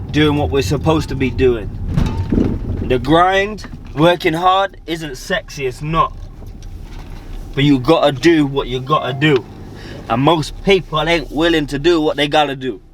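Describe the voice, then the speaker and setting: A man's voice: a little high, noisy background. A British man, a motivational speaker, talking casually and energetically to camera in his vlog, with slangy pep-talk asides. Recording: background music clearly audible.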